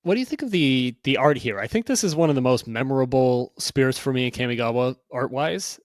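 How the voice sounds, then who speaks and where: A man's voice: mid-range voice, animated, brisk, no echo. Hesitant man on a dry mic. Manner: hesitant, hedging, laughs often. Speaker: podcast co-host. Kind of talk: casual card game review chat.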